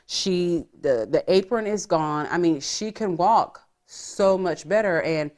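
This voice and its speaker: A woman podcast host with a low, darkish voice takes her time recapping a reality show. Her chat is casual, profane and gossipy, and she acts out quotes as she tells the story.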